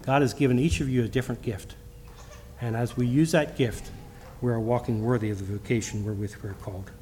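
A middle-aged man preaches a church sermon and mixes in personal testimony. His pitch is ordinary for a man and his delivery halts and restarts often. A faint noise sits behind him. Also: steady tone, dark tone. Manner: halting, with frequent restarts; reads scripture in King James wording. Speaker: lay preacher.

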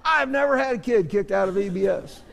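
A man's voice: high voice, a little fast, creaky, fairly bright tone. A middle-aged man, a pastor, preaching a sermon in a church sanctuary, telling stories in an earnest, self-deprecating way. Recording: long hall reverb.

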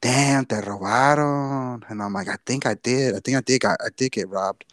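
A man's voice: mid-range voice, moderate pace, a bit bright, dry recording, studio quality. A young man from Texas telling a long personal story on a podcast, casual and profane, often repeating himself. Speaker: podcast co-host.

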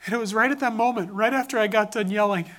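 A man's voice: high voice, fast talker, a bit bright. A man giving an earnest, impassioned sermon-style testimony, telling a personal story about his son. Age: adult father.

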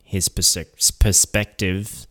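A low-pitched man co-hosts a casual podcast. He talks in a relaxed, rambling way and slips into loose slang. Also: extremely slow. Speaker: podcast co-host.

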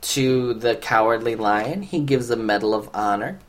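A woman's voice: rumbling low, moderate pace, a little hiss or hum. A woman co-hosting a podcast, recapping a film in casual chat with wry, joking commentary. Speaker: podcast co-host.

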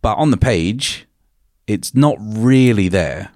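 Deep-voiced guy reading fanfic on a podcast then chatting about it, dry close sound. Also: no echo. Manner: measured, expressive reading; animated, emphatic in discussion. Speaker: podcast co-host. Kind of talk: reading fan fiction aloud, then casual chat.

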